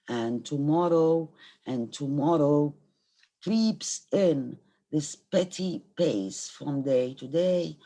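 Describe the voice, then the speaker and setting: Egyptian lady prof, husky voice, lively up and down pitch, reading verse then breaking it down. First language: Arabic. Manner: reads verse aloud, then explains and glosses it in Arabic. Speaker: university literature lecturer. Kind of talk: recorded university lecture.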